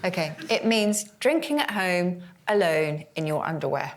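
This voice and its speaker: A woman's voice: on the low side, lively intonation, normal speed, very noisy. Bubbly woman explaining words. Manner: bubbly, enthusiastic, laughs often. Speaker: podcast co-host, word expert. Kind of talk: enthusiastic conversational explanation.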